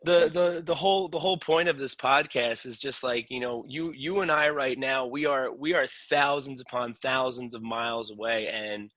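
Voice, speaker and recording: A man hosting a casual podcast chat, talking in a halting way with many restarts and casual swearing. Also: mid-range voice, a bit bright, no room sound. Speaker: podcast host.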